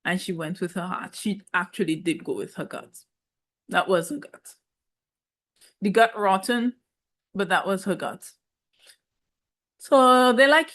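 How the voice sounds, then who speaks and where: A woman speaking in gives an opinionated recap of a dating show in a loose, chatty way. She teases the cast and drops playful asides, and her voice sits at an ordinary middle pitch for a woman. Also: measured pace, long pauses, fairly bright tone. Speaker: reality show recap host. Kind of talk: casual reality TV recap commentary.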